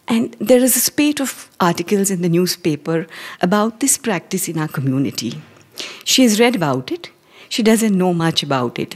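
Husky-voiced Indian woman in her forties. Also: deep voice. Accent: Indian English. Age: 40s. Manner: measured and hesitant, dropping to near-whispers. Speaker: storyteller. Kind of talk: personal story told live on stage. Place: live stage.

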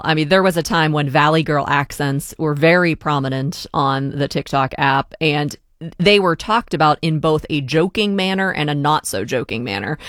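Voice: mid-range voice, fairly bright tone, dry recording, studio quality. An interviewer asking conversational, prompting questions of a guest. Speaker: radio interviewer.

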